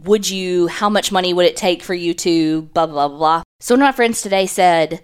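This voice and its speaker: A woman co-hosting a podcast, reading listener stories aloud and chatting casually, animated and quick to laugh, swearing now and then. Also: fairly low pitch, clear, resonant tone. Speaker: podcast co-host.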